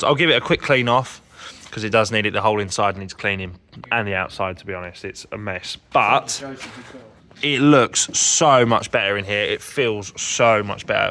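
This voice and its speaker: A man's voice: fairly low pitch, bright, forceful tone. A man, chatting casually through a car repair vlog and explaining each step as he works. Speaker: car vlogger.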